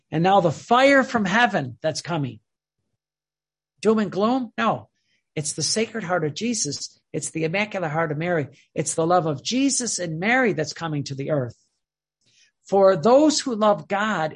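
An earnest devotional teacher with a slightly husky, breathy voice at a middle pitch. The talk is informal and heartfelt, full of restarts and repeated phrases. It sounds like someone explaining their faith to listeners in their own words.

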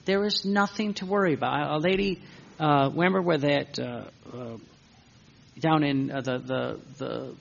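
Man, husky and fairly high voice, leads a loose spiritual talk to a group; wanders, corrects himself, jokes; dull lo-fi recording. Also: normal speed. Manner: rambling, self-correcting, joking asides. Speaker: religious group teacher. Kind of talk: informal spiritual talk with anecdotes. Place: room with a seated group.

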